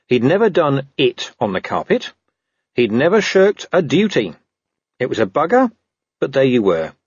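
Lively, husky male audiobook narrator. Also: mid-range voice, normal speed, no room sound, lo-fi sound. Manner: lively, wry storytelling. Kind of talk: scripted narration of a comic fantasy novel.

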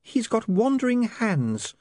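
A man voicing a prim, sharp-tongued young woman in an audiobook. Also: extremely high pitch, sing-song, takes it slowly, no room sound, clean studio sound, voice pushed up, exaggerated voice.

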